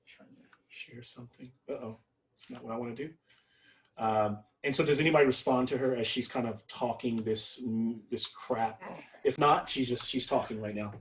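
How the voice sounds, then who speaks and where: A man narrating as game master in an unhurried, descriptive way with fillers. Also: mid-range voice, fairly even intonation, recorded from a distance, slight background noise, rough recording.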